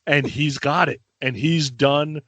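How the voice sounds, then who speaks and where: A man's voice: on the high side, steady tone, takes it slowly, a bit bright, no room sound. A man co-hosting a podcast who tells a story about a friend in a laid-back, wry way. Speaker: podcast co-host. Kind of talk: casual storytelling chat.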